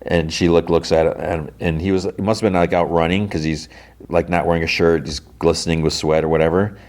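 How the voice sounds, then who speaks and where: A deep-voiced man hosting a podcast, recapping an episode in a relaxed, casual way. He rambles through the retelling with plenty of fillers. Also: fairly quick. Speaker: podcast host.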